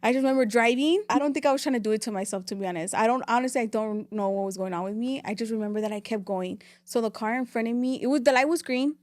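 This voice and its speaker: A young woman rattles through her story as a podcast guest, flipping freely between English and Spanish. Her voice sits a little high, and she speaks very quickly. The sound is close and dry, with no room around it. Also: no echo. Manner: rapid, animated, switching between English and Spanish. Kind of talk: casual interview storytelling.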